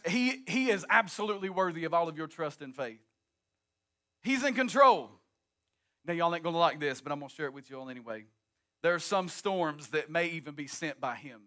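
Impassioned high-voiced preacher man. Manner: impassioned preaching, shouts and sing-song cadence. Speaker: pastor. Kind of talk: sermon.

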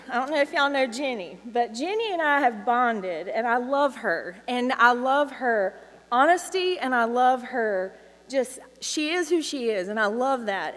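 A woman's voice: on the high side, a bit bright. A woman, a children's ministry teacher speaking casually and affectionately to a church congregation, with filler words. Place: church sanctuary. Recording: reverberant church hall with congregation.

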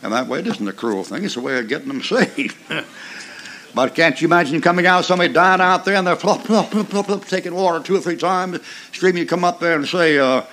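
A man's voice: a little high, fairly quick, fairly bright tone, a little hiss or hum. An older man preaching a sermon in a folksy, emphatic way, mixing mocking asides with chuckles.

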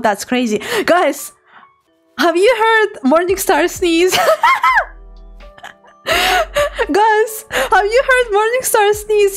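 A very high-pitched woman streaming as a VTuber, chatting casually with her viewers. She is bubbly and giggly and teases playfully as she greets people. Soft music plays faintly behind her.

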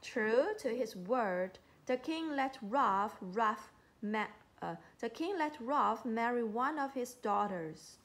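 A woman's voice: a little high, lively intonation, takes it slowly, few pauses, a bit bright. A woman reading a children's storybook aloud, giving the quoted lines small voices. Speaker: storybook reader.

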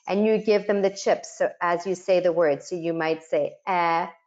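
A woman's voice: on the low side, fairly even intonation, normal speed, darkish tone. A woman facilitating a webinar for child care educators, explaining practical activities step by step and modeling words the way she would for children. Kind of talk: instructional webinar talk. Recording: muffled lo-fi webinar audio.

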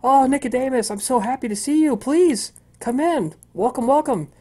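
Guy doing a bubbly high chirpy vampire lady, eager, stumbles over her words. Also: lively intonation, normal speed, darkish tone. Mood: gushing. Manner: bubbly and eager, with stammered restarts. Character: cheerful, chipper female vampire experimenter.

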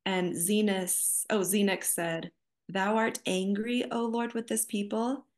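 A woman's voice: mid-range voice, steady tone, slow pace. A woman author as podcast guest, who speaks earnestly, often quotes scripture and acts out pleading quoted voices. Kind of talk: reflective faith conversation.

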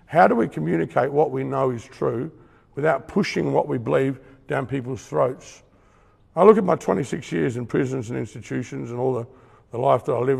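A man's voice: mid-range voice, creaky, darkish tone, slightly rough, in a large hall. A middle-aged Australian man giving an earnest, emphatic testimony sermon in a conversational way, with acted-out asides. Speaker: preacher.

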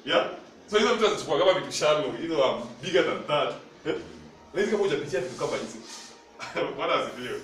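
He speaks very fast and expressively, his slightly high voice a bit bright, with some hiss or hum in the background. The man has a Kenyan accent and is preaching, moving between Swahili and English and asking the congregation to respond. The distant mic captures church hall echo.

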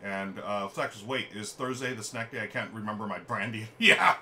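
A man's voice: fairly low pitch, expressive, moderate pace, sharp tone. Chatty man hosting a live stream. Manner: chatty, reads viewer comments aloud. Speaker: streamer host. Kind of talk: casual chat on a live stream. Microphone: desk microphone.

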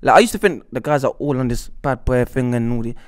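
A man, chatting as a guest in a relaxed, slangy, storytelling way. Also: mid-range voice, quick pace, clean tone, no echo, studio quality. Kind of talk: casual chat.

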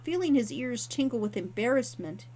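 A woman author narrating her own novel in a measured, expressive storytelling manner. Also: fairly high pitch, husky, rough recording. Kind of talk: audiobook narration.

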